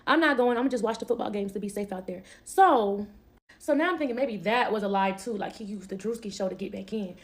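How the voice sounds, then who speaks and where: A young woman telling a casual storytime, emphatic and slangy, acting out what others said and laughing often. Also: mid-range voice. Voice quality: animated, emphatic, quick to laugh. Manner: slangy and expressive, acting out quoted lines.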